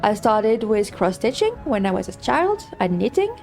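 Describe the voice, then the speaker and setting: A woman's voice: mid-range voice, very animated, moderate pace, darkish tone, soft background music. A woman streaming a game live, chatting casually and thinking aloud, rambling with many fillers and restarts. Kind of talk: casual live-stream chat while gaming.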